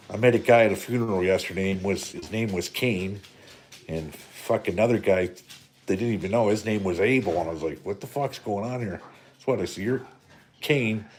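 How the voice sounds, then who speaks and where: Deep-voiced, profane middle-aged man ranting. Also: a little mellow. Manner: profane, rambling, joking. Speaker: livestream host. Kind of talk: casual live-stream rant.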